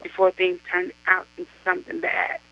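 A woman voicing an indignant adult woman who scolds her friend, reading aloud, her voice jumping high when she yells. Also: expressive, a little fast, creaky. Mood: scolding. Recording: dull lo-fi radio sound.

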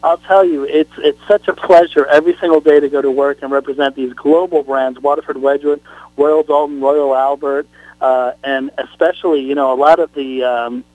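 Brief: man, somewhat high voice, gushing spokesperson, dry close sound. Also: steady tone, moderate pace, no echo, phone-quality sound. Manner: effusive, salesy, many fillers. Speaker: brand spokesperson guest. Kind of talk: call-in talk show interview.

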